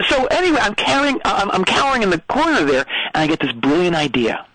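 A man's voice: sits high, big pitch swings, quick pace, sharp tone, a little hiss or hum, low-quality recording. A man calling in to a radio comedy show, telling a rambling story with lots of stammers and restarts. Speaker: caller.

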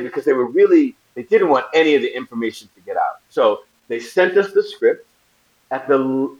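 A man's voice: medium pitch, dull audio. A man in his forties from Brooklyn, a guest in a casual interview, telling stories and acting out the voices of the people in them. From Brooklyn, New York. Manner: animated storyteller acting out quoted voices, laughing often. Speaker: actor guest.

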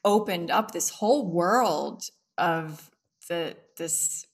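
A woman's voice: fairly low pitch, slow pace. A woman, a former model and host, chatting as an interview guest and acting out quotes as she tells stories. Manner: animated storyteller, acts out quotes. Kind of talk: casual conversational interview.

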